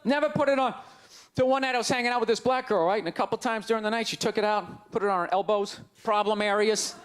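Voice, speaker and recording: A man in his forties doing a loud, exasperated, mocking stand-up rant on a club stage with a handheld mic. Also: high-pitched, fast talker. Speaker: stand-up comedian. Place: comedy club stage before a live audience. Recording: live club recording with crowd laughter and noise.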